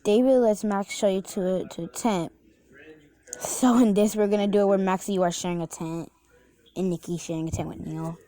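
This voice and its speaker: A young woman telling a reader-insert story in a casual, unpolished way, breaking off for chatty asides. Her voice is mellow and soft-edged, at a middle pitch. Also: steady tone, fairly quick.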